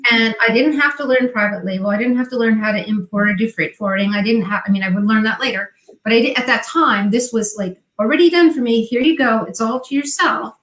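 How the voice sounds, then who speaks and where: A woman's voice: a little high, a little fast, a bit bright. A middle-aged woman, a guest on an interview show, telling her story and acting out remembered dialogue in quoted voices. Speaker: guest, online seller. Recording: echoey room sound.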